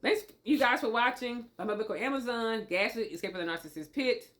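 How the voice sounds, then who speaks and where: A woman talks straight to her viewers, giving relationship advice in a motivational monologue. She hammers her points home through repetition and keeps checking in with a quick "okay?". Her voice sits a little high for a woman. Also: a bit bright. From Tennessee. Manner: emphatic and repetitive, asks okay often.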